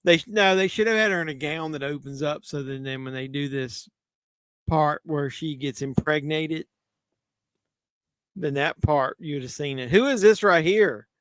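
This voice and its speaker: Chatty Southern man, smooth clear voice. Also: on the high side, normal speed, fairly bright tone, dry recording, clean studio sound. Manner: loose, joking, drinking while talking. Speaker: livestream host. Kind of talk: casual movie watch-along commentary.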